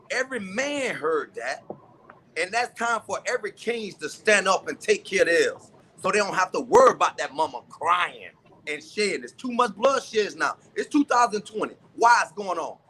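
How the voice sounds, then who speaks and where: Impassioned high-voiced man. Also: sing-song, moderate pace, pushed and bright, slight background noise. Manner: impassioned, preaching cadence. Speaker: panel guest. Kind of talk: impassioned panel discussion.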